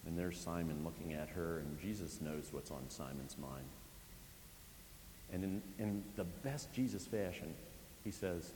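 Deep-voiced man preaching in an echoing hall. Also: moderate pace, warm tone. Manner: conversational storytelling with frequent asides. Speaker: pastor. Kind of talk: sermon. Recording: echoey hall with faint hiss.

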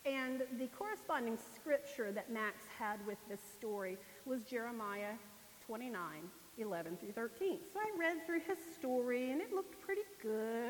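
Animated woman preacher giving a sermon. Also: fairly high pitch, moderate pace. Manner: animated storytelling, acting out the people in her stories. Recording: long reverb, faint hiss.

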